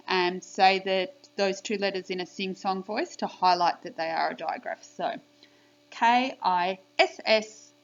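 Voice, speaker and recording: A woman teaching a spelling lesson to young children on video, speaking slowly and clearly in an encouraging, sing-song teacher manner. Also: fairly high pitch. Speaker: primary school teacher. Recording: dull lo-fi home video audio.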